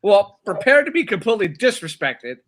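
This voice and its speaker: High, bright man with dry sarcasm. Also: very animated, fairly quick. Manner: dry, sarcastic list commentary. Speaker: co-host reading a list. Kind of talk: casual group chat.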